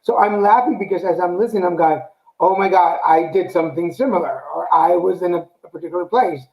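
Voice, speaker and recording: Male stream host, high pitch, earnest and halting, echoey room. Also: darkish tone. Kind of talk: interview talk.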